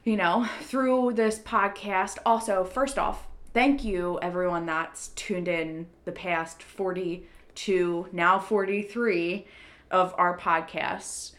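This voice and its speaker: A soft-spoken woman co-hosting a podcast in casual chat, bubbly and chatty, recorded at a home desk on one shared mic. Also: lowish voice, steady tone, takes it slowly. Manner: bubbly and chatty, laughs easily. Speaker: podcast co-host. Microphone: single shared desk mic.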